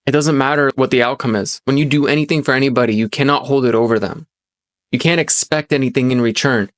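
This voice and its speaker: Speaking at a medium pitch with a fairly bright tone and no echo, a young man earnestly rambles through a personal story and some advice, restarting and using fillers a lot. He hosts a self-help podcast and spent an immigrant childhood growing up in America.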